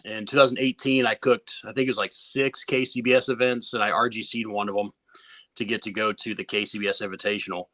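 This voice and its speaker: A man with a bright, forceful voice recounts his competition barbecue past in an easygoing guest interview. He talks loosely and profanely, circling back and restarting his sentences. The sound is close and dry, with no room echo. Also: lowish voice, level tone, quick pace. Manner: laid-back, swears freely, many restarts. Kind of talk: casual storytelling interview.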